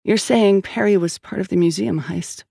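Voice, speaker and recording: Blunt woman detective, read by a narrator, demanding, gravelly, dry close sound. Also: medium pitch, moderate pace, dark tone, no room sound, pitched above the performer's own voice. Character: tough wary female police detective.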